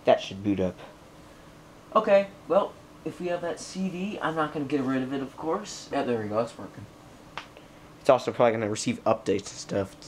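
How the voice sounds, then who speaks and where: A man's voice: mid-range voice, expressive, brisk, background noise. A young man narrating an unboxing at home, rambling and talking to himself and the computer, getting frustrated while it loads. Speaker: tech vlogger. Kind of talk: casual unboxing commentary.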